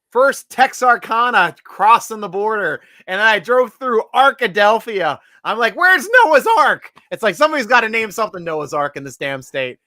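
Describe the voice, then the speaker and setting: A man's voice: high voice, pushed and bright, dry recording, clean studio sound. A man hosting a casual podcast chat, joking and laughing often, hyping up guests. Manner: jokey, laughs a lot, announcer-style guest intros. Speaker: podcast host.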